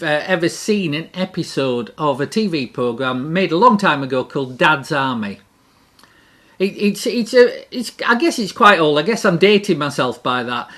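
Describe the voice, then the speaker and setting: With a mid-range voice, a middle-aged speaker presents a spirited devotional talk, leaning on repetition of central phrases to underline them.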